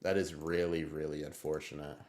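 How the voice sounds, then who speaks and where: A man streaming live, chatting casually and answering viewer messages in excitable, rambling bursts with a lot of swearing. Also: very deep voice, fairly quick, a little hiss or hum. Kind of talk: casual livestream chat reading viewer messages.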